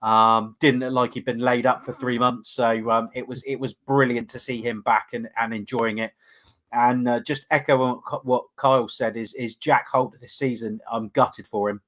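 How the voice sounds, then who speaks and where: A man's voice: mid-range voice, little pitch movement, moderate pace, a bit bright. A man co-hosting a casual fan podcast, rambling and enthusiastic with lots of fillers. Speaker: podcast co-host.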